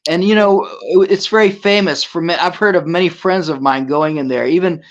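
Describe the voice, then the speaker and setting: A man, a fellow guest and healer, adding details in casual talk, pausing often to find words. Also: high voice, lo-fi sound. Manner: adds details, searching for words with hesitant "um" and "uh".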